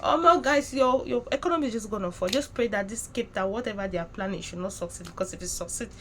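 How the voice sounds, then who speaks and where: A woman with a Nigerian accent giving heated, indignant reaction commentary, often rising into loud emphatic outbursts. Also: medium pitch, fast talker, background noise.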